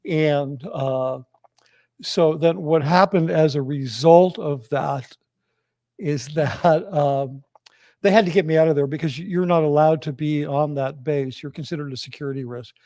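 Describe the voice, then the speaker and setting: A man's voice: fairly high pitch, unhurried, darkish tone, no room sound. A man as interview guest, telling a personal story with many restarts and fillers.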